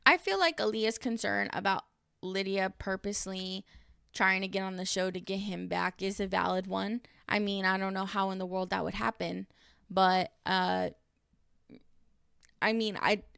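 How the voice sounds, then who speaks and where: A woman's voice: medium pitch, gravelly, a bit bright, no echo, studio quality. A woman in her thirties recapping a reality show in a casual vlog, blunt and exasperated, swearing freely. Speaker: reaction vlogger. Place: dim room at home.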